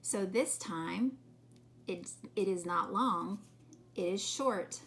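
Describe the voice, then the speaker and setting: A woman teaching a phonics lesson to children, sounding out words slowly and patiently. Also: mid-range voice, a bit bright.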